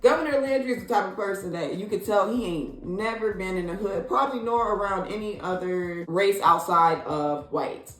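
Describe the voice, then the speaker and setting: A woman from Illinois talks through her views in a sassy, expressive way, her voice shooting up whenever she is incredulous. She sits in a room with a lot of echo, and faint music plays beneath her. Her pitch sits in a middle range for a woman. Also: moderate pace, few pauses. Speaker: vlogger. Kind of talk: casual opinion commentary.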